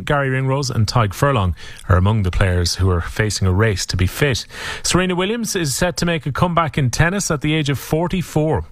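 A male sports newsreader works through the results in a steady, measured read. His voice sits at an ordinary middle pitch. The studio sound is dry and close. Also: dry recording. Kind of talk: scripted sports bulletin.

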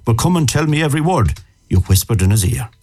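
An Irish man co-presenting a radio show, chatting and reciting a comic ballad in a lively storytelling way. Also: mid-range voice, fast.

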